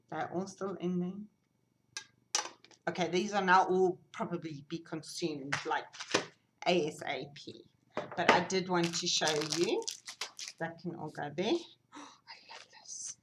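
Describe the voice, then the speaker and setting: A South African woman hosting a knitting podcast, chatting casually and gushing excitedly over gifts and yarn, sometimes dropping to a whisper. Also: lowish voice, a little hiss or hum, rough recording. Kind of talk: casual unboxing chat.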